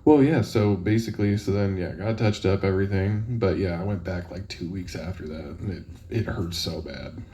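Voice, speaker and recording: A man with a fairly low voice recounts his teenage years in a loose, rambling way. He laughs often between his lines and keeps the tone casual. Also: moderate pace, few pauses, dark tone. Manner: laughs often while telling stories. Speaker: podcast guest. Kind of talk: casual chat.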